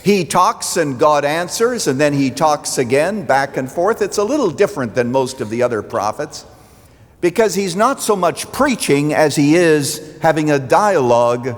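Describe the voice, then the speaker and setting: A man's voice: on the high side, expressive, normal speed. Man preaching in an echoing church. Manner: dramatic, rising to near shouting on quoted pleas. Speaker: pastor. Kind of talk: radio intro then sermon. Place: church sanctuary. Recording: long reverb of a church hall.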